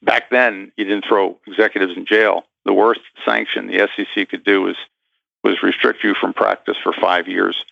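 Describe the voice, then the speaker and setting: A man's voice: deep voice, little pitch movement, moderate pace, vocal fry, dry recording, highs cut off. A man guest in an interview, telling a story with animation and acting out the voices of the people in it.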